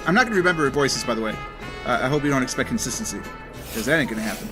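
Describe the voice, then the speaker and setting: A man's voice: mid-range voice, expressive, rapid-fire, loud music behind the voice. A man hosting a let's play, chatting casually and rambling as he plays, often correcting himself mid-sentence. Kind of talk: casual game commentary.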